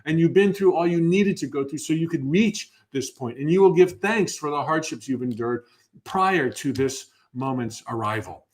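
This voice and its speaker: Man, fifties, slightly higher voice, upbeat motivational workshop host, loose and restarting. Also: expressive, normal speed. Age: 50s. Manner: enthusiastic, upbeat, with frequent restarts. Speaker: motivational speaker hosting a live workshop. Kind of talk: live motivational workshop talk.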